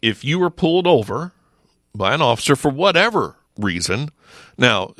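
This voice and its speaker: Middle-aged guy in a studio chat, bright voice, dry close mic, keeps firing rhetorical questions. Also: mid-range voice, very animated, normal speed, no room sound. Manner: emphatic, with rhetorical questions and frequent restarts. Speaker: sheriff's office lieutenant, regular guest. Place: radio studio.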